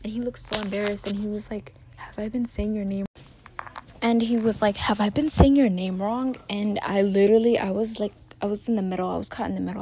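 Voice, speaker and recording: A woman's voice: mid-range voice, steady tone, brisk, warm tone, a little hiss or hum. A young woman in her teens casually telling a rambling personal story to camera, full of "like" and "literally". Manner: chatty, rambling, heavy use of "like" and "literally". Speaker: vlogger.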